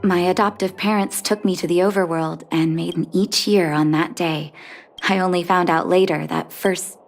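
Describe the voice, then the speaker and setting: An actress voicing a calm, caring young woman doctor in a game cutscene, speaking in a measured way. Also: on the low side, soft background music, close to an everyday voice. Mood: reflective. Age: young adult.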